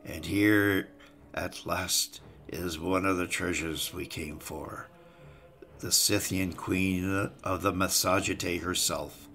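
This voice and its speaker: A man's voice: deep voice, steady tone, takes it slowly, sharp tone, faint music behind, heavily acted. A man voicing a vengeful, contemptuous raider chief who sneers as he talks. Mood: sneering.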